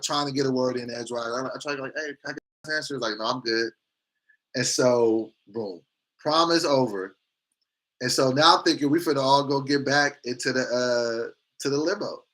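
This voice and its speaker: Male morning-show host, crisp bright tone, animated casual storyteller who acts out quotes. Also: medium pitch.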